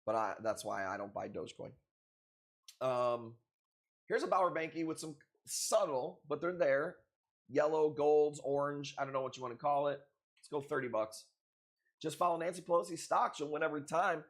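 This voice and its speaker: A man's voice: on the high side, normal speed. A man hosting a live coral sale stream, chatting casually with viewers in a loose, profane, joking way. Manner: loose, profane, joking banter with frequent laughs.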